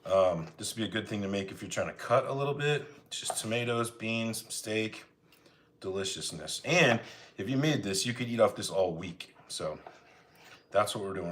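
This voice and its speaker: A man's voice: fairly low pitch, background noise. A man hosting a live home cooking stream, chatting casually with viewers and greeting them by name as he cooks. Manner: relaxed, rambling, greets chat by name. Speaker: cooking livestream host. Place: home kitchen.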